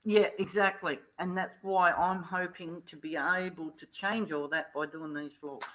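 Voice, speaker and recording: Middle-aged woman, vlogger, blunt earnest storytelling, clear bright tone, slow delivery. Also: fairly low pitch, fairly even intonation, low-quality recording. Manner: slow, earnest retelling with blunt colloquial talk. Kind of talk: casual storytelling vlog.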